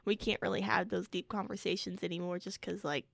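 A woman's voice: mid-range voice, fairly even intonation, a little fast, gravelly, crowd noise. A woman in her twenties co-hosting a podcast in easygoing casual chat, laughing along. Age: 20s. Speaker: podcast co-host.

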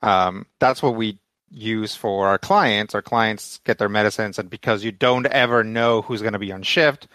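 Middle-aged male podcast co-host, relaxed storyteller, close dry mic. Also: on the low side, moderate pace, no echo. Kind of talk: casual chat.

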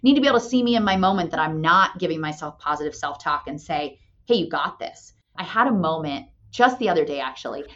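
Woman, 30s, candid motivational talker, lowish voice, muffled lo-fi recording. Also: lively intonation, quick pace, few pauses, a bit bright. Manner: candid, storytelling, frequent "right?". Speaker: company president and mother. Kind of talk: motivational talk. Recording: dull lo-fi sound.

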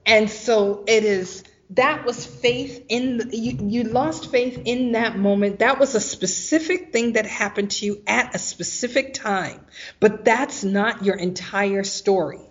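A woman guest telling a personal story of hardship and faith, animated and acting out the voices of others. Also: a little high, a little slow, muffled recording. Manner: animated, acts out quoted voices.

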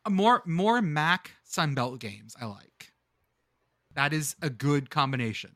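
A man's voice: fairly high pitch, very animated, measured pace, fairly bright tone, no echo, studio quality. A man co-hosting a casual sports podcast, talking animatedly, swearing freely and hunting for names mid-sentence. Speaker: podcast co-host. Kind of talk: casual chat.

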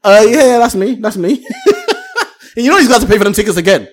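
A man co-hosting a casual film podcast, animated, swearing and laughing often. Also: high-pitched, fast. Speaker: podcast co-host.

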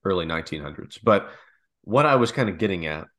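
Man, low voice, casual rambling chat, spins long silly hypotheticals. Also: expressive, fast, fairly bright tone. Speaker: podcast co-host.

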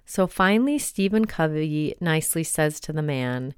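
A woman's voice: low voice, lively intonation, moderate pace, hardly any pauses, clean tone, no room sound, clean studio sound. A woman host chatting casually and telling stories, full of fillers, sometimes reading a passage aloud. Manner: chatty, storytelling with many fillers. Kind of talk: casual reflective monologue with read-aloud story.

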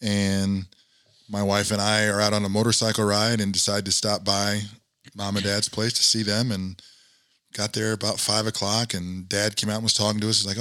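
Middle-aged male guest; earnest, reflective storyteller, bright tone, slightly low. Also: little pitch movement, moderate pace, no room sound, studio quality. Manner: earnest, reflective, many fillers. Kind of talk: personal storytelling in an interview.

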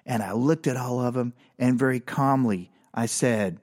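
An older man telling a self-mocking comedic story about his childhood, animated and full of sound effects. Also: medium pitch, moderate pace.

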